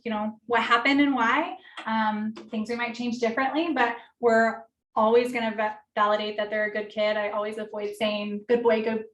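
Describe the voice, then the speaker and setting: A woman leads a parent workshop in a casual, friendly teaching voice with plenty of fillers. Her voice sits a little high. The recording is roomy and distant, as if picked up across a meeting room. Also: fairly bright tone, a little hiss or hum. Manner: friendly, conversational, many fillers. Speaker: occupational therapist leading a parent workshop. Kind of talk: informal teaching talk. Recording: roomy echo, distant mic.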